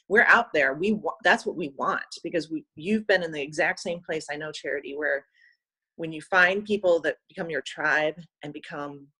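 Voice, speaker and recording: A woman's voice: on the low side, pushed and bright, husky. A woman guest in an interview, speaking from the heart with many fillers and close to tears. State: close to crying. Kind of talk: emotional personal interview.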